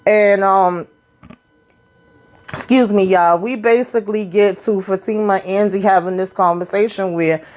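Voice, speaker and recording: A woman's voice: medium pitch, fairly even intonation, moderate pace, a little mellow. Chatty woman recapping a TV episode. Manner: chatty, slangy, quotes the characters loosely.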